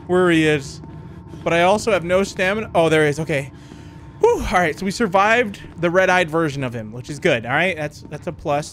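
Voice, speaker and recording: High-voiced young man panicking through a game. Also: a bit bright, slight background noise. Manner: panicky, repeats words rapidly when scared. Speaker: gaming YouTuber. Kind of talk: horror game commentary.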